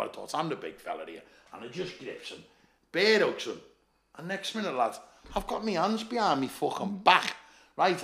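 Liverpool male guest, raspy and fairly high, swears freely, animated storyteller, roomy echo. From Liverpool, England. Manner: swearing, animated, laughing while telling stories. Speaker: podcast guest, former doorman. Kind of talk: casual storytelling chat.

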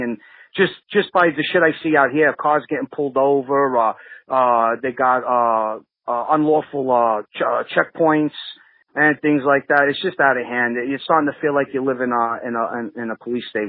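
A man's voice: mid-range voice, fairly even intonation, normal speed, dry recording. New York man rambling over a phone line. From Brooklyn, New York. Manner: rambling, many restarts and fillers. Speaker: podcast regular. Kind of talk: casual storytelling.

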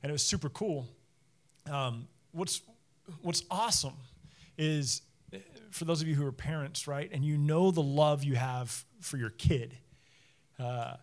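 Here a man in his thirties or forties, a pastor, shares personal stories in a conversational sermon at church, with plenty of laughter. He speaks unhurriedly in a slightly high voice, pausing often.

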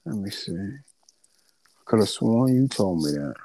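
A man's voice: on the low side, expressive, measured pace, mellow, no room sound. A man co-hosting a casual sports talk show, playful and teasing, trailing off while he looks things up. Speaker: podcast co-host.

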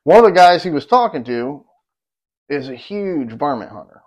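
A man's voice: on the high side, normal speed. Profane, rambling storyteller man. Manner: rambling, profane, animated when quoting others. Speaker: podcast co-host. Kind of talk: casual storytelling. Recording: dull lo-fi podcast audio.

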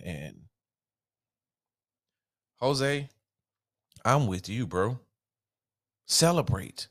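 A man's voice: on the high side, animated, slow, pauses often, a bit bright. A man hosting a solo sports podcast, ranting in a heated, emphatic way with casual slang.

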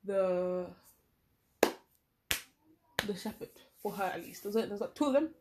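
A young woman telling a story about her schooldays in a casual, animated way, acting out the dialogue. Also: mid-range voice, normal speed, heavy background noise. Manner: animated, dramatic retelling with quoted dialogue. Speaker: vlogger.

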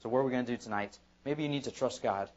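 A man's voice: medium pitch, racing, darkish tone. Man preaching emphatically, dull lo-fi recording. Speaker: pastor. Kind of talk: evening sermon. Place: church.

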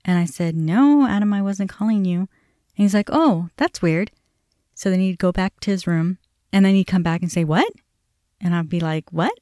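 Low-voiced woman telling a personal story. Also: moderate pace, dark tone, no room sound, clean studio sound. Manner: candid, conversational, acts out remembered dialogue. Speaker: podcast host.

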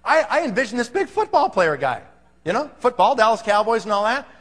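A man with a high voice tells a story to a seminar crowd. He talks emphatically and keeps checking in with the room. His voice rings with a long hall echo. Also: sing-song, a little fast, fairly bright tone. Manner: emphatic, conversational, frequent "okay?" check-ins. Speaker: presenter at a business seminar. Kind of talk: storytelling presentation to a live audience.

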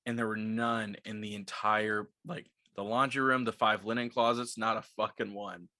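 A man's voice: on the low side, steady tone, normal speed, pushed and bright, dry recording, clean studio sound. A man co-hosting a podcast in casual chat, rambling through stories with a lot of swearing and laughter. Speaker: podcast co-host.

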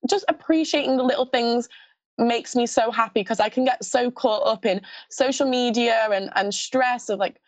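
A woman's voice: on the high side, moderate pace, dry recording. A young woman from Scotland with a mild lisp, chatting as a pageant contestant in a casual interview and often restarting her sentences. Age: young adult. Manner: chatty, giggly, lots of restarts.

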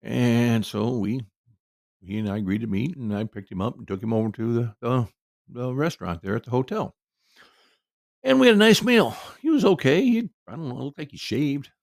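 A man's voice: mid-range voice, animated, normal speed, vocal fry, no echo, studio quality. A middle-aged man telling a casual personal anecdote in a rambling, folksy way with lots of asides. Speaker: storyteller.

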